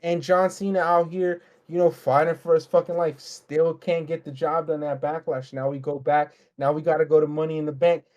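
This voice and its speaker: A man co-hosting a casual podcast, ranting in a heated, profane, fast way. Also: a little high, little pitch movement, a little mellow. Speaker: podcast co-host. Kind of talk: casual wrestling podcast rant.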